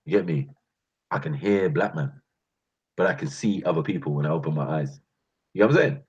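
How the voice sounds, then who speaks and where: A North London man with a London accent, this channel host's voice sits low with a breathy edge. He tells street stories in a casual monologue, laughing, slangy and animated. The lo-fi recording sounds dull.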